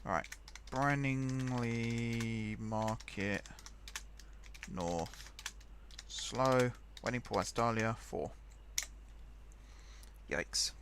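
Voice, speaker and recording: A man's voice: lowish voice, slow, vocal fry, long pauses, background noise. A young man hosting a game let's play, rambling chattily and thinking aloud as he types. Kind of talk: casual gameplay commentary.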